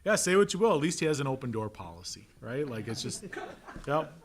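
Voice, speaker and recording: Man, pastor, upper midwest american accent, chatty bible class teaching, mid-pitched voice. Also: big pitch swings, a little hiss or hum. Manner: conversational, asks "right?" often, acts out quick voices. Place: church classroom.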